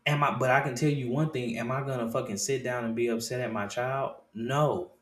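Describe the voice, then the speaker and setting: A man in his thirties hosting a casual talk show. He swears freely, restarts and repeats phrases, and swings between low murmurs and loud excited bursts. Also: brisk, echoey room. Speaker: podcast host.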